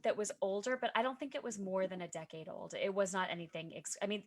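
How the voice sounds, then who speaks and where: A woman's voice: medium pitch, fast talker. A woman author talking as a guest on a video call, chatty and self-deprecating, with many fillers and restarts. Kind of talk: casual video chat.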